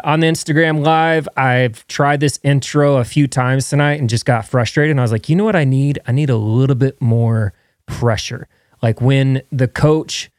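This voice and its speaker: A man's voice: mid-range voice, darkish tone, no echo. Young man, podcast host, casual rambling chat, self-mocking humor, dry room. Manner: rambling and jokey, laughs at himself. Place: indoors at home, streaming live.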